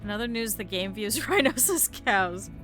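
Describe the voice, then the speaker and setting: A woman's voice: mid-range voice, expressive, moderate pace, a bit bright, faint music behind. A young woman streaming a video game, chatting casually with her viewers and swearing in exasperated bursts at the game. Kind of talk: casual gameplay commentary.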